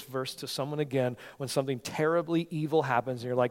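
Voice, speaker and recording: A male pastor preaching a sermon with passion, swinging from near-shouting peaks to soft, earnest tones. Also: mid-range voice, fast talker, hardly any pauses. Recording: long reverb of a large hall.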